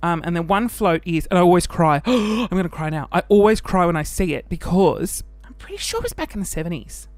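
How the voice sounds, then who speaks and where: Faint music plays behind a high-pitched male voice with no room sound. An Australian podcast host chats casually on his own show, animated and camp, laughing, with quick bursts of mock voices.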